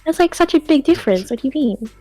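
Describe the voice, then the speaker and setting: An Australian woman chatting casually, hesitant and giggling. Her voice sits fairly high. Faint music plays in the background. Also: animated, fast talker, dark tone.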